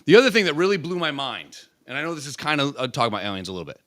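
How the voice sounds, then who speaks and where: A man co-hosting a podcast in casual chat, animated and crude, rambling with lots of swearing. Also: fairly high pitch, very fast, no room sound. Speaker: podcast co-host.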